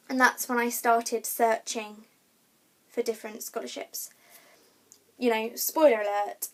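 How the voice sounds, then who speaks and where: A young woman vlogger chatting casually to camera, with frequent ums and restarts as she tells her story. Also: on the high side. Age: young adult.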